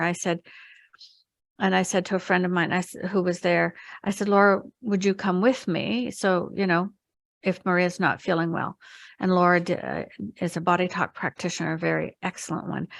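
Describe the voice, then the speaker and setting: Low gravelly woman recounting a crisis. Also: a bit bright, no echo. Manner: earnest, halting, many restarts and quoted inner thoughts. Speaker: interview guest, spiritual healer and retreat leader. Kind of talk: personal storytelling in an interview.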